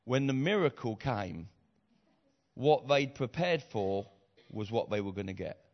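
A middle-aged man preaching a sermon, retelling a story with acted voices, repeated phrases and rising shouts. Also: medium pitch, lively intonation, unhurried. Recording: slightly dull lo-fi sound.

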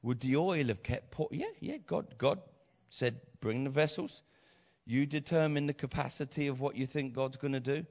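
Man, middle-aged, preacher, animated sermon storytelling, repeats phrases, dull lo-fi sound. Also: mid-range voice, moderate pace. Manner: animated storyteller acting out voices, repeats phrases, builds to shouts.

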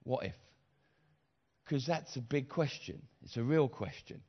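A middle-aged man preaching with lively storytelling, slipping into character voices and building to loud repeated cries. His voice sits in an ordinary middle pitch. The recording sounds a little dull and lo-fi. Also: moderate pace, breathy edge. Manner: animated storyteller acting out voices, repeats phrases, builds to shouts. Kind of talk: sermon storytelling.

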